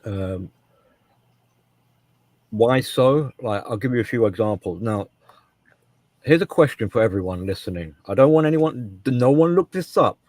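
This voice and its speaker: A man's voice: medium pitch, animated, a little slow, long pauses, a little mellow, dry recording. A man co-hosting a casual podcast discussion, talking emphatically and often restarting and repeating his words. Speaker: co-host.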